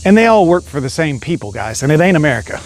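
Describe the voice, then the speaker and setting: A man's voice: on the high side, very animated, fast talker, a little hiss or hum. A man delivering an angry, profanity-laden rant straight to camera as a vlogger. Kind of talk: ranting monologue.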